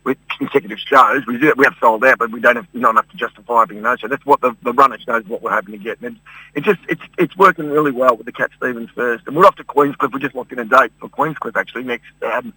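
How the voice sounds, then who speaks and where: Australian man, radio guest, rambling, fast, bright husky voice. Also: mid-range voice, dry recording, rough recording. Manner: rambling, restarts often, chuckles. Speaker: guest singer. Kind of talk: phone-in radio interview.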